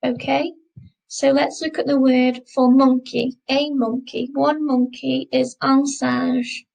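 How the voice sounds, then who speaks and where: A woman teaching a school French class, speaking slowly and patiently and repeating each word twice. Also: sits high, flat delivery, gravelly, darkish tone, low-quality recording. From England. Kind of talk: classroom lesson explaining French grammar.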